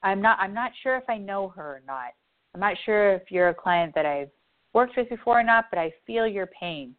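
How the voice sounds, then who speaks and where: A woman's voice: medium pitch, expressive, moderate pace. A woman radio host and spiritual advisor talking in a heartfelt, earnest way and repeating herself for emphasis. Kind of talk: emotional spiritual talk. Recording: tinny phone-like line.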